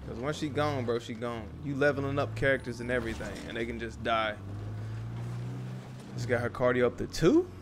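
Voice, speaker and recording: A gaming YouTuber who is a young dad talks a little fast in a mid-range voice while playing a survival game, with noise in the background. His commentary is casual and full of cursing, directed at himself and the on-screen characters.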